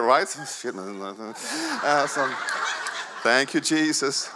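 Fifty-something pastor man preaching, bright voice, swoops way up and down, jokey. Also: a little high, a little hiss or hum. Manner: animated, jokey, swings from loud to soft. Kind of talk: sermon. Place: church service.

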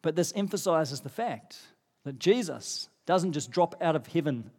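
A middle-aged man preaching a sermon to a congregation in a church hall, animated and rising in pitch when he stresses a point. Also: a little slow. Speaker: pastor. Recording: long reverb of a church hall.

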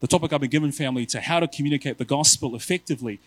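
A male preacher giving a sermon in an animated, self-mocking way, often calling his listeners family. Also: medium pitch, racing, dry recording, poor audio.

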